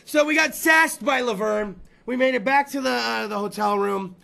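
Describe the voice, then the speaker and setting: Loud, gravelly high-voiced male host. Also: moderate pace, soft background music. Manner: loud, rambling and profane, with repeated phrases and bursts of shouting. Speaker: podcast host. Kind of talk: casual storytelling chat.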